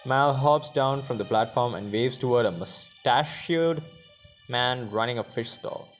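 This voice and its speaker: A man's voice: medium pitch, a little slow, faint music behind. A man reading an interactive story game aloud as narrator, breaking off for chatty asides and laughs.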